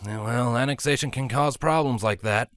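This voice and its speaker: A man's voice: mid-range voice, fairly bright tone, clear, resonant tone, no echo, clean studio sound, lightly acted. Man doing a weary earnest prince. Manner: measured, sighing explanations. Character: earnest young male prince, weary and serious.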